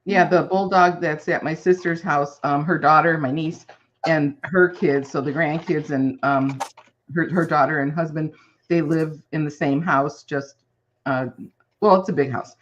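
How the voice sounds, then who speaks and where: A woman's voice: low voice, fairly even intonation, unhurried, muffled recording, slight background noise. A woman chatting casually while crafting, rambling through family stories with giggles.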